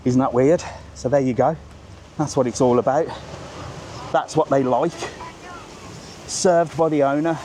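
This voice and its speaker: A man's voice: mid-range voice, fairly even intonation, measured pace, long pauses, warm tone, a little hiss or hum. Chatty, ranting man walking outdoors. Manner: chatty, ranting, swears freely. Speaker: vlogger. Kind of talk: casual walking vlog. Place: outdoors at a seaside market town.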